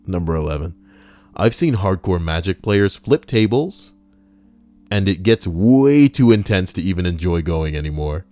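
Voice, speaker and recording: A man's voice: low-pitched, expressive, normal speed, warm tone. A man hosting a countdown list, reading it in a casual way with sarcastic, jokey asides. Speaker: host. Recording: faint background music.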